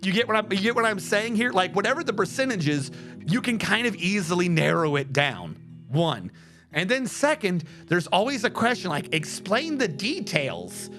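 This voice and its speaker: A man's voice: sits high, sing-song, normal speed, fairly bright tone, faint music behind. A man streaming a game, chatting in a casual, profane rant and explaining things step by step.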